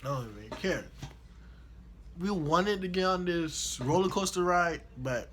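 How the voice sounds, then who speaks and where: A young man vlogging, retelling a trip in slangy, animated casual storytelling. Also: sits high, a little slow, slight background noise.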